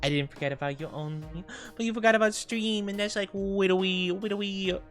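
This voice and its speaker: A man's voice: high-pitched, steady tone, a little fast, fairly bright tone, soft background music. A man streaming and chatting casually with viewers, playful and giggly, rambling freely. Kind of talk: casual live-stream chat.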